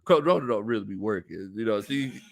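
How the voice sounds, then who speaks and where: A man's voice: fairly low pitch, expressive, a little fast, gravelly. A man hosting a casual sports livestream, laughing often and reading viewer comments aloud as he tells stories. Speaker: sports show host.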